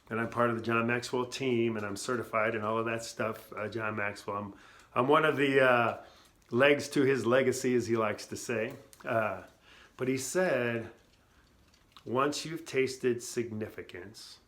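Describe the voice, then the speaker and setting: A man's voice: medium pitch, fairly bright tone. A middle-aged man telling his founder story in a casual, earnest way, talking with many asides and restarts, recorded on his phone. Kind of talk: casual personal testimony.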